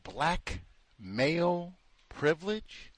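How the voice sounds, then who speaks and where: A man's voice: a little high, sing-song, drawn-out words. A man hosting a talk show, delivering sarcastic, incredulous commentary full of rhetorical questions. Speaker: host.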